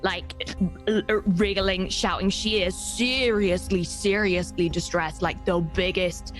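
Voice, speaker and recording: A woman's voice: mid-range voice, fairly even intonation, takes it slowly, faint music behind. Stammering woman player. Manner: stammering, laughing, eager. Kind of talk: casual tabletop play.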